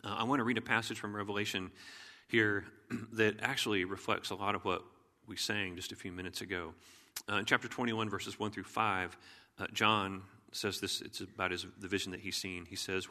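Throat-clearing male pastor in a reverberant hall. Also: on the low side, steady tone, bright, forceful tone. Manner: frequent throat clearing, earnest and measured. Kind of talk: sermon.

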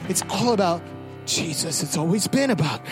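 A male pastor preaching with passion, rising to shouts and dropping to whispered, chanted repetitions. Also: high voice, animated, moderate pace, music in the background. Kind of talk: sermon.

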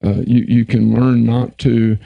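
A man telling a personal business story in an earnest, relaxed conversational way, then giving practical advice over a remote call. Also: medium pitch, unhurried, vocal fry, no echo, muffled recording. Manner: relaxed, earnest, anecdotal with frequent restarts. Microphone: remote video call.

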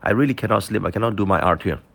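A man's voice: fairly low pitch, very fast, vocal fry, a bit bright, breathy edge, exaggerated voice. A man voicing an irritable, easily offended famous artist as he retells a story, complaining with many fillers. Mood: annoyed. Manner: complaining, exasperated.

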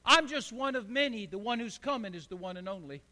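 A man's voice: high voice, expressive, brisk, pushed and bright, heavily acted. A man voicing a humble male prophet who speaks earnestly and downplays himself. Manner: earnest and self-effacing.

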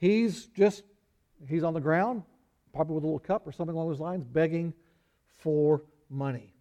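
Guy with a fairly high voice giving a chatty sermon, acts out the quotes. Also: moderate pace, dark tone. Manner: conversational, acts out quoted speech with small laughs and sighs. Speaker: pastor.

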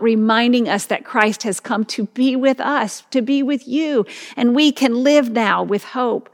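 A woman pastor preaching a sermon in an earnest, reflective way, letting her line ends fall soft and quiet. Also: mid-range voice, big-room sound.

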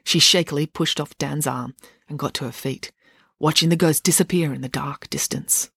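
An author giving an expressive reading of their own book in a home office, then signing off casually. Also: mid-range voice, normal speed, vocal fry, husky, no echo, studio quality. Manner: expressive reading, chatty sign-off. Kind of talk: audiobook-style reading. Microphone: home setup.

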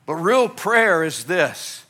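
A male pastor delivers an energetic sermon in a very high voice for a man. His tone is bright and forceful, and he keeps drawing the congregation in with rhetorical questions. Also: slow.

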